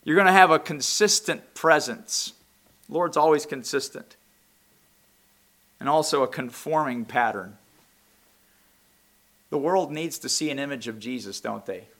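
A man preaching a sermon, reading scripture aloud and rising to loud, impassioned peaks. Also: on the high side, unhurried, vocal fry, long pauses. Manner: reads scripture aloud in King James wording. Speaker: pastor.

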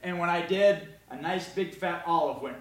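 A man preaching a sermon in a conversational way, often asking "all right?", moving between loud emphasis and quiet, close talk. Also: fairly high pitch, normal speed. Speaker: pastor.

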